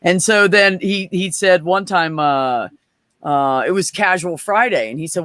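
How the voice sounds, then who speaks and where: A man's voice: high-pitched, a little slow, no room sound. A man co-hosting a podcast, telling a story in casual chat, swearing a lot and acting out quoted voices. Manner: animated, profane, acts out quoted voices.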